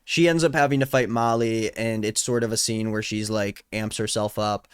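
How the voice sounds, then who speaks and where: A man's voice: on the low side, fairly even intonation, moderate pace, clean tone, no room sound, studio quality. A man in his twenties giving a casual, sarcastic and incredulous reaction to a novel he is reading. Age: 20s. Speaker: book reviewer. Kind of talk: casual book reaction vlog.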